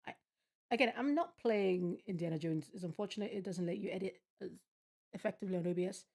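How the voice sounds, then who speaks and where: A female gaming streamer reads the game's text aloud and reacts with bemused, profanity-laced commentary. She talks quickly in a medium-pitched voice with a darkish tone, while game music plays in the background.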